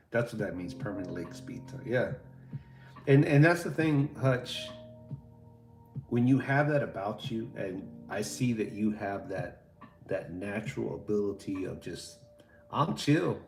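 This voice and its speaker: A man's voice: lowish voice, lively intonation, measured pace, gravelly. A man hosting a live stream, chatting casually in a rambling, laid-back and profane way while talking to viewers. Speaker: livestream host. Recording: roomy echo, faint music behind.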